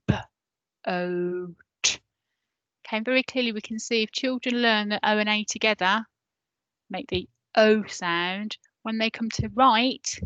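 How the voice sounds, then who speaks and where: Slow, patient woman teaching phonics. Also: medium pitch, a bit bright, no room sound, highs cut off. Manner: patient, sounds out letters slowly and prompts repetition. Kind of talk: online phonics lesson for parents.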